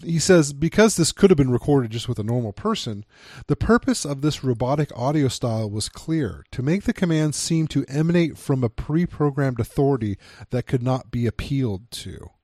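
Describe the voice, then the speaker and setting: A man co-hosts a casual film review chat, reading quoted passages aloud between his own halting asides. His voice sits at an ordinary middle pitch. The recording is close and dry, with no room sound. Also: expressive, darkish tone, dry recording. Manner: reads quotes aloud, hesitant restarts. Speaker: podcast co-host.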